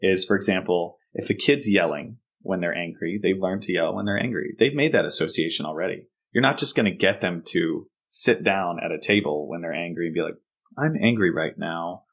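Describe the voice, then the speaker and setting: A man with a fairly low-pitched voice, speaking as a counselor in an interview. He explains in a steady, conversational way and often drops into sample lines he would say to a child. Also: brisk, few pauses. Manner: explanatory, acts out example phrases to kids.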